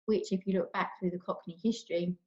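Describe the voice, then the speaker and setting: Flat-voiced woman, muffled sound. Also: fairly low pitch, quick pace. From east London. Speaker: panel guest from PR. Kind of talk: casual panel discussion. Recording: dull lo-fi sound.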